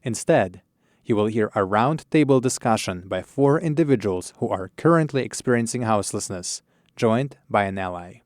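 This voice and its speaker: A man with a slightly low voice reads a scripted announcement in a measured way. The mic is close and dry. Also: expressive, no room sound. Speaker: podcast narrator. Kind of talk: scripted narration.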